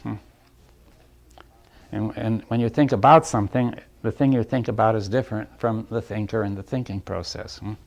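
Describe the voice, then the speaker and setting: A man giving a reflective spoken talk to a small audience. He often restarts his phrases, checks in with his listeners, and chuckles softly between points. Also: lowish voice, steady tone, normal speed, gravelly.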